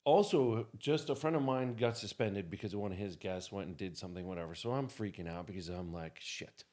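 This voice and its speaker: Guy with a lowish voice telling a story on a podcast, acts out everyone in it. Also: fairly quick. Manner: animated storyteller who acts out the people in his story. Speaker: podcast guest. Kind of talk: casual anecdote telling.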